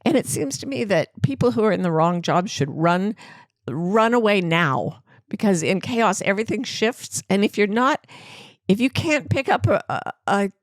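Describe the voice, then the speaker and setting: A woman co-hosting a podcast, telling comic stories in a casual, animated way with frequent laughter. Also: medium pitch, normal speed, no echo, clean studio sound. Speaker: podcast co-host. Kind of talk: casual chat.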